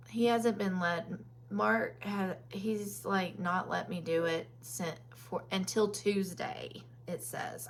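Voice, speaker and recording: A woman from Kentucky speaks with a Southern accent and a bright, forward tone. She takes her time over a chatty live-stream makeup session. She fills the gaps with ums and greets each viewer by name. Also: mid-range voice. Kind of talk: casual live-stream chat.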